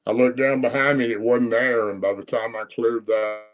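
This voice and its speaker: A man's voice: medium pitch, little pitch movement, fairly quick, dull audio, faint music behind. A man with a Southern US accent telling a personal encounter story in a plain-spoken, rambling, folksy way. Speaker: guest storyteller.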